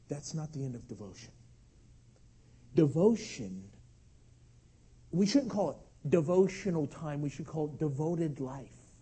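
A man in his thirties preaching a sermon, telling a family story with animated delivery and acted-out shouts. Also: on the high side, breathy edge. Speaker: pastor.

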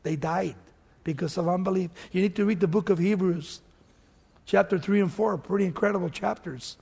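A man preaching a sermon, telling the story dramatically and swinging from loud outbursts to hushed lines. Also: high voice, moderate pace, gravelly, husky, in a large hall.

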